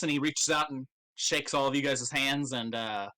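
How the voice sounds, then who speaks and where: Young guy running a tabletop game, casual and sweary, bright sharp voice. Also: mid-range voice, moderate pace. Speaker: game master.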